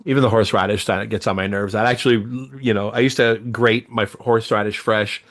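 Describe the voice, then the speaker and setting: A man hosting a casual podcast chat, talking in a relaxed way with lots of fillers. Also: lowish voice.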